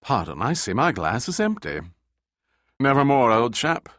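A man voicing a drunken, genial upper-class English older gentleman with slurred speech and a British accent. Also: medium pitch, very animated, a little slow, no echo, studio quality. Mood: jovial. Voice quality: slurred, belching.

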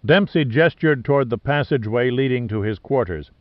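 A man reading an audiobook in a steady, measured narration. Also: mid-range voice, no echo. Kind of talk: scripted narration. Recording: dull lo-fi dry recording.

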